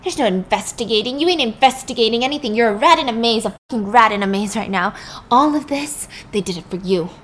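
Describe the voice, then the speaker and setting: A scarred, bitter male inmate of an asylum, speaking in taunts and accusations, as a woman puts him on while retelling a film. His voice swings up in pitch and volume as he presses his point. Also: animated, quick pace, slight background noise, close to an everyday voice. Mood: bitter accusing.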